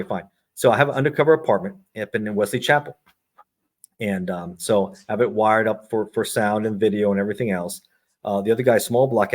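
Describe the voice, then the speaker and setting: A middle-aged man, a retired federal agent, telling stories as a podcast guest and acting out the dialogue he quotes. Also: fairly low pitch. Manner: brisk storyteller who acts out quoted dialogue. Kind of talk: storytelling in a podcast interview.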